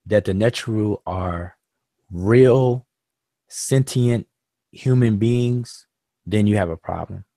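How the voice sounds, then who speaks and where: A man's voice: on the low side, dark tone, no echo. A man hosting a live-stream discussion, patiently explaining points at length with loose fillers and restarts. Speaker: host.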